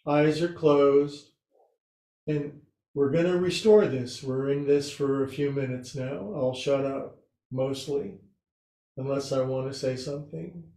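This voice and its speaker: A man's voice: medium pitch, unhurried, mellow. A man teaching a restorative yoga class at home, talking in a chatty, joking way with self-mocking asides. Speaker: yoga instructor. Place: home room with couch and recliner. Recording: echoey room.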